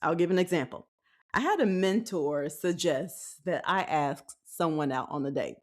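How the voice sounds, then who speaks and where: A woman in her thirties hosting a podcast, giving frank faith-based dating advice in a folksy, animated way, acting out what people said. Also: sits low, moderate pace. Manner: animated storytelling with acted-out quotes; folksy, frank, laughs often. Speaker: podcast host.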